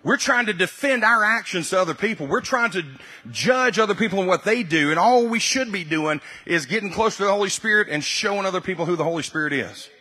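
A man preaching to his congregation in a husky, slightly high voice. He has a bright, pushing tone. He repeats his points for weight and climbs into loud, emphatic bursts. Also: animated, brisk. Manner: repeats key phrases for emphasis, builds to loud emphatic peaks. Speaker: pastor. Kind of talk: sermon.

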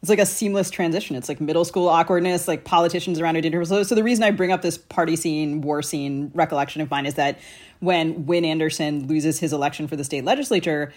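A podcast host talks fast and chattily, peppering the question with filler words. The voice is husky and breathy. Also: mid-range voice. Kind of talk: interview question, casual.

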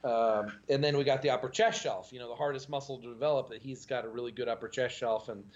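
A man chatting on a podcast, telling lively stories and chuckling as he goes. His voice sits in a middle pitch, and the sound is dull and lo-fi. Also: fast talker. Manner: animated storyteller, chuckles often. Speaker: podcast guest. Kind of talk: casual podcast chat.

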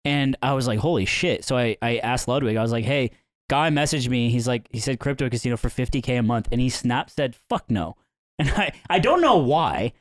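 A man's voice: mid-range voice, animated, brisk, no room sound. A man co-hosting a podcast, telling stories in casual chat and laughing often. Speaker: podcast co-host.

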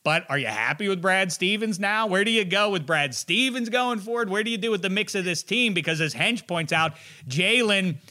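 A man hosting casual sports talk, asking questions with lots of restarts and animated asides. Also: high-pitched, normal speed.

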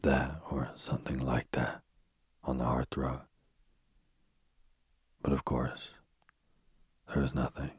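A man reading a spooky bedtime story in a soft, slow, husky whisper, close to the mic. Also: very deep voice, flat delivery, no echo.

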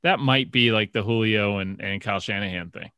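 A man's voice: lowish voice, a little fast, sharp tone, clean tone, dry recording, clean studio sound. A man co-hosting a sports podcast, chatting casually and rambling through stories with lots of fillers and restarts. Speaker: podcast co-host.

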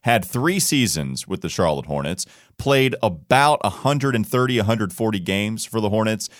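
A man co-hosting a sports podcast in a studio, chatting casually with an animated, jokey, self-deprecating manner. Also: on the low side, moderate pace, no room sound. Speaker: podcast co-host.

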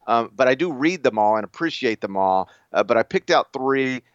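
An American man hosting a sports podcast, chatting loosely with plenty of restarts. His voice sits in a middle pitch and comes through a slightly dull, dry microphone. He sounds unpolished and self-deprecating. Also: lively intonation, moderate pace, dry recording. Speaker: podcast host. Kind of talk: casual podcast chat.

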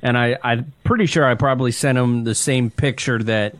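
A man co-hosting a podcast, telling a story in casual banter with dry, deadpan humor. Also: medium pitch, normal speed, no room sound. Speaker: podcast co-host.

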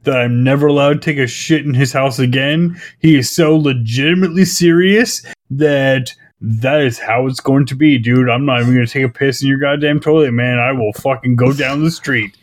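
A man's voice: medium pitch, normal speed. Blunt, foul-mouthed podcast man. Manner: blunt, heavy swearing. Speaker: podcast host. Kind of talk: casual group chat.

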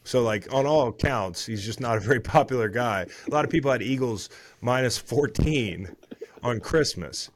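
A man in his thirties with a mid-range voice, speaking at a normal speed, hosts a podcast as a former football player. He recaps the week's games casually, swearing and going off on rambling tangents.

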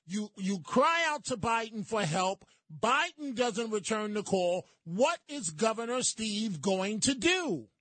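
Insistent high-voiced radio host, man. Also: big pitch swings, slow pace, few pauses, a bit bright, dry recording. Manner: interrupts, presses the caller repeatedly. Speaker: radio talk show host. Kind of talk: call-in radio talk.

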